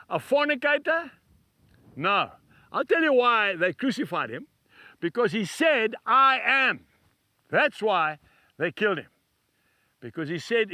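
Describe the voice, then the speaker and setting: Emphatic high-pitched male TV preacher. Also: bright, forceful tone, dry recording. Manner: emphatic, repetitive preaching with storytelling. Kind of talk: devotional sermon to camera. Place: outdoors beside cattle stalls.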